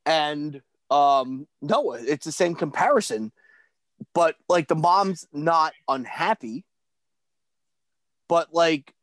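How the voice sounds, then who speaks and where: A man in casual chat, halting and stammering with frequent swearing. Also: on the high side, expressive, a bit bright, no echo.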